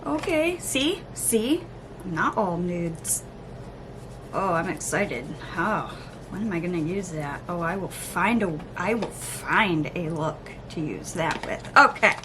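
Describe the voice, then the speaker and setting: A woman vlogger chatting casually through an unboxing, gushing, gasping and cooing with excitement. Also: on the low side, a little slow, noisy background. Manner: gushing, excitable, lots of gasps and oohs. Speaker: beauty vlogger.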